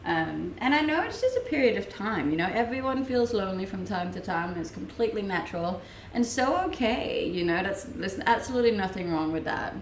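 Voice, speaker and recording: A young woman from Denmark, speaking with a Danish accent, chats casually on a live stream from a room at home, answering viewers and laughing often. Her medium-pitched voice is sing-song and brisk, with few pauses. Slight background noise runs under the roomy home-mic audio.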